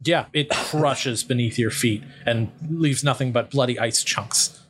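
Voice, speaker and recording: A man running a tabletop game as game master, describing the scene in a relaxed storytelling way. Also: medium pitch, measured pace.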